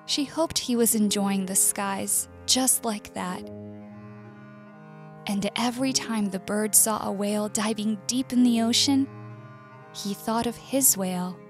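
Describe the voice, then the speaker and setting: A woman with an American accent reading a story aloud in slow, clear scripted narration for language learners. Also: mid-range voice, faint music behind. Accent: US English.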